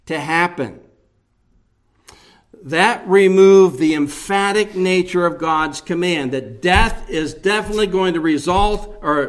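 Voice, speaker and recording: A man preaching a verse-by-verse sermon, explaining the text slowly with emphatic repetition and rhetorical questions. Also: sits high. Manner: slow, deliberate teaching with emphatic repetition. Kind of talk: expository sermon.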